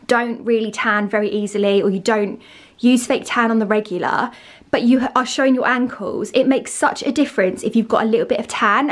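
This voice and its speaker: A woman talking casually to camera in a beauty vlog, chatty with plenty of ums. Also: a little high. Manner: chatty, upbeat, lots of ums. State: tired, croaky, half-whispering. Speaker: vlogger.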